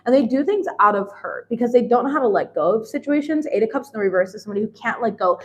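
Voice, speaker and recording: A woman's voice: medium pitch, rough recording. A young adult woman giving a casual tarot reading, blunt and laughing often, swearing freely. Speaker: tarot reader.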